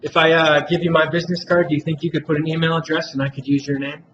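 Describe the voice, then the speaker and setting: Man giving a persuasive sales pitch. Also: flat delivery, quick pace, fairly bright tone. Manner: persuasive, addresses the listener by name often. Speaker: salesperson in a sales role-play. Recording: dull lo-fi recording with clear background noise.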